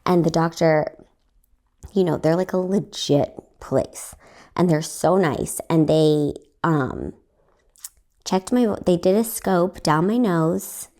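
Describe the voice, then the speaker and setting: Young woman podcaster, kinda raspy and hoarse, mellow lowish voice, rambly story with lots of laughs. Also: slow pace. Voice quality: slightly raspy, recovering from lost voice. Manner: chatty, rambling, laughs often, acts out voices in quotes. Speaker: podcast host and stand-up comedian. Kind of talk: casual storytelling.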